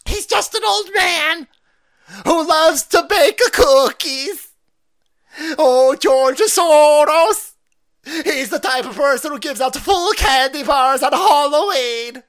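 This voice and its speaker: A man's voice: extremely high pitch, slow pace, fairly bright tone, pitched above the performer's own voice, full character voice. A man putting on a fawning admirer who gushes in a mocking sing-song voice. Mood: mock adoring. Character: fawning man gushing over a kindly old benefactor.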